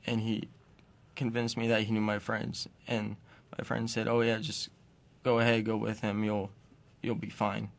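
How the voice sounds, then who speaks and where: A man quietly recounting a personal experience in pausing, fragmented phrases. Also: fairly low pitch, completely flat delivery, gravelly. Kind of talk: personal testimony.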